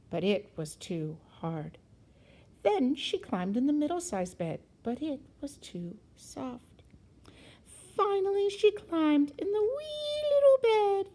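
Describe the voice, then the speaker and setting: A woman teacher reads a children's story aloud with an expressive, sing-song delivery, sometimes dropping to a whisper. Her pitch is fairly high, and the recording is rough.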